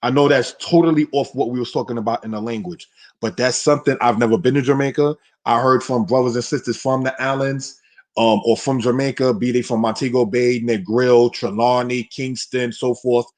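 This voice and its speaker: A man from the United States teaching a live online Hebrew class, conversational and calling listeners brothers and sisters, slowing down to stress key words. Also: medium pitch, steady tone, darkish tone.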